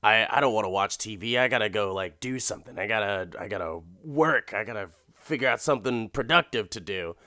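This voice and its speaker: A man doing a gruff grumpy retiree. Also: fairly low pitch, a little fast, hardly any pauses, bright, forceful tone, dry recording, clean studio sound. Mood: grumbling. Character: grumpy retired husband, gruff and set in his ways.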